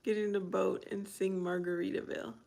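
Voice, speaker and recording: A woman's voice: mid-range voice, little pitch movement, a little fast, creaky, darkish tone. A woman hosting a casual livestream, chatting with viewers, reading their comments aloud and laughing often. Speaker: livestream host.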